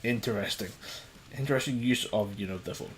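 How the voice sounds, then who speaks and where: A man's voice: fairly low pitch, brisk, slight background noise, low-quality recording. A young man co-hosting a podcast, chatting casually with dry, wry banter. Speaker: podcast co-host.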